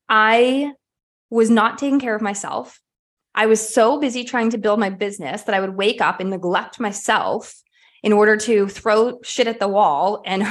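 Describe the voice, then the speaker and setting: A woman gives a motivational podcast talk in a candid, energetic way, with the odd casual swear. Her pitch sits in an ordinary middle range for a woman. She is speaking from her home. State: sweaty and a bit winded. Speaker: podcast host. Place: at home, puppy in the room.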